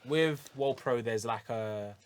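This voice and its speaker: A man's voice: medium pitch, slow, smooth, dry recording. A man who competes in jiu-jitsu, telling a rambling anecdote on a casual podcast. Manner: rambling anecdote telling, acts out quotes loudly. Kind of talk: casual chat.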